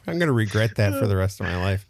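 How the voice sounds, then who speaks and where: A man's voice: on the low side, sing-song, brisk, dry recording, clean studio sound. A man with an American accent hosting a podcast in casual, chatty, self-mocking conversation. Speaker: podcast host. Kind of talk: casual chat.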